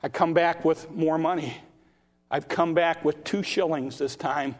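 Guy doing a humble poor mom, soft and pleading. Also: a little high, steady tone, a little slow, lightly acted.

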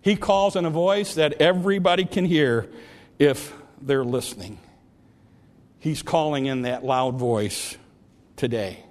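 A man preaching a sermon, swinging from loud, ringing calls to hushed, quiet lines. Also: on the high side, measured pace.

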